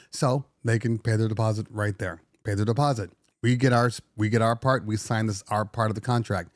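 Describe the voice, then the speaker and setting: A man's voice: fairly low pitch, fairly even intonation, brisk, hardly any pauses, no room sound, studio quality. A middle-aged man hosting a casual DJ podcast, venting animatedly and slipping into sarcastic put-on voices. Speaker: DJ podcast host. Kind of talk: casual livestream talk.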